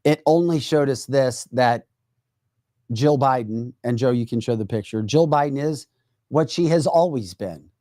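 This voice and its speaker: A man co-hosting a political podcast, talking in a sarcastic, animated way. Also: mid-range voice, measured pace, no echo, clean studio sound. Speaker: podcast co-host. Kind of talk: casual political chat.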